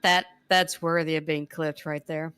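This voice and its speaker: A woman streamer chatting casually with a co-host and her chat, blunt and quick to swear. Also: deep voice, level tone, a bit bright, clean tone. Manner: blunt, swears a lot, laughs often.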